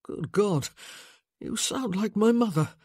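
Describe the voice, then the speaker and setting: A woman croaking as a feverish sick gentleman. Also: medium pitch, lively intonation, dry recording, pitched above the performer's own voice. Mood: weak, wry. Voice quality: croaking, mumbling. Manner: dry deflecting humor, slow drawl. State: ill, weak. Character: feverish sick young gentleman, weakly joking. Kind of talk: audiobook character voice.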